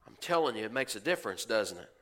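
A man's voice: lowish voice, big pitch swings, fast talker, a bit bright. A male pastor preaching a sermon in a folksy way, asking the congregation questions and acting out the voices of churchgoers. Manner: acts out quoted voices of churchgoers.

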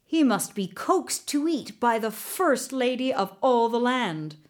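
A woman's voice: fairly high pitch, big pitch swings, takes it slowly, a little mellow. Woman doing pompous court wise men. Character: pompous male wise men, fussy scholars.

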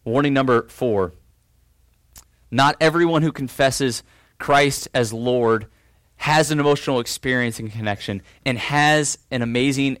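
A man preaching a sermon, earnest, asking rhetorical questions, dropping low and quiet on solemn lines. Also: measured pace, no echo, studio quality. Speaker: pastor.

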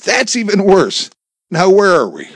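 A man reading a story, voicing an anxious, excitable young woman in a raised, breathless voice. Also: sits high, measured pace, dry recording, pitched above the performer's own voice, heavily acted. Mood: fretful.

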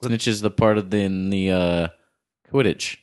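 A man's voice: deep voice, fairly even intonation, moderate pace, clear, resonant tone. A man in casual chat as a co-host, dropping teasing, dry quips. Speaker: podcast co-host.

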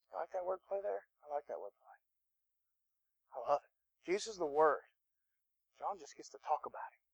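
A man preaches with animated, conversational energy and talks straight to his listeners. His voice sits fairly high for a man. The sound is close and dry, with little room echo. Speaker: pastor. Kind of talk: sermon.

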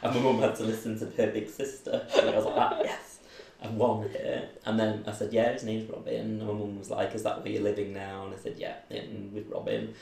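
A man's voice: lowish voice, little pitch movement, brisk, vocal fry, few pauses, darkish tone, roomy sound, a little hiss or hum. A man telling a personal story in a casual interview, chatty and laughing often, acting out the people in his story.

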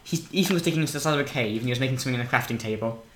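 A man from England co-hosts a podcast, chatting jokily in character over gameplay, rambling, goofing around and cursing a lot. He talks rapid-fire in a mid-range, fairly bright voice. The recording has echo and faint noise.

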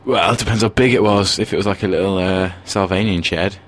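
A man co-hosting a comedy radio show, musing in hesitant, deadpan banter. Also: deep voice, brisk.

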